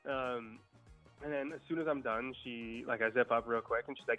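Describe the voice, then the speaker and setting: A young man spins a wild party anecdote in a relaxed, swear-heavy way. His voice sits at an ordinary pitch, and faint music plays under the talk. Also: moderate pace, low-quality recording. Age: young adult. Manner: profane, laid-back anecdote telling. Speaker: guest storyteller. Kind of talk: casual podcast storytelling.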